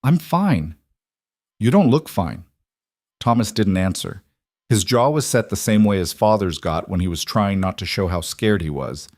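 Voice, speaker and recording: A man narrating a western audiobook in an even, measured storytelling style. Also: low-pitched, no echo, clean studio sound.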